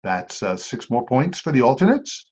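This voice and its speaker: A man hosting a trivia quiz, reading clues aloud and repeating each one slowly. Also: medium pitch, huge pitch swings, background noise. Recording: dull lo-fi amateur recording.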